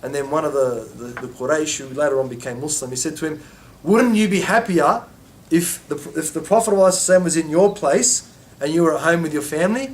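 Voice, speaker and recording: A man's voice: fairly high pitch, fast talker. A man teaching an informal religious lesson, telling stories and acting out quoted voices with many restarts.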